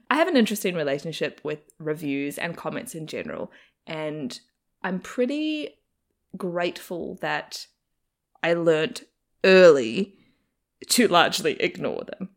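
A woman's voice: on the low side, expressive, unhurried, vocal fry. A young adult woman with a faint New Zealand accent, chatting in an interview and laughing often. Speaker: actor and comedian interviewee. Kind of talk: casual interview chat.

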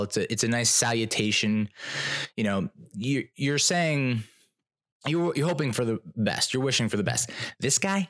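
A man hosting a podcast, telling a rambling story in a casual, animated, self-mocking way, often restarting his sentences. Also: medium pitch. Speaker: podcast host.

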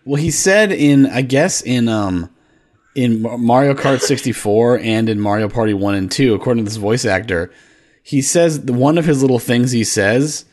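A man's voice: mid-range voice, expressive, normal speed, a little mellow. A man co-hosting a casual chat podcast, hesitant and restarting his sentences. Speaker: podcast co-host.

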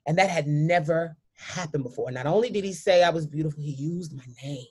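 A woman telling a heartfelt personal story as a guest, emphatic and sometimes halting, often speaking straight to the listeners. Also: low voice, darkish tone, breathy edge.

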